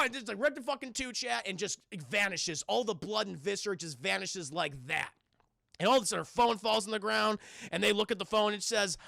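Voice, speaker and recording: A man excitedly recapping a cartoon scene by scene for a stream chat, swearing freely and acting out the characters in funny voices. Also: sits high, a little fast, vocal fry, no room sound, studio quality.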